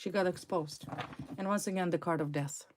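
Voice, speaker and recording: A woman's voice: lowish voice, normal speed, a little hiss or hum. A woman reading tarot cards for viewers, talking emphatically and indignantly and repeating her key words. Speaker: tarot reader.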